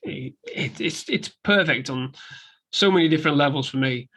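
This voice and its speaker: A man's voice: on the high side, normal speed, fairly bright tone, a little hiss or hum. A man, a guest on a podcast, talking enthusiastically about films and swearing freely. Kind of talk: casual film chat.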